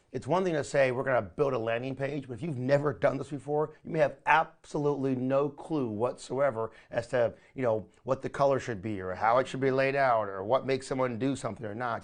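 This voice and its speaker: A man leading a recorded training session, talking in an energetic, coaching way and often calling listeners "my friend". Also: medium pitch. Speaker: online marketing trainer.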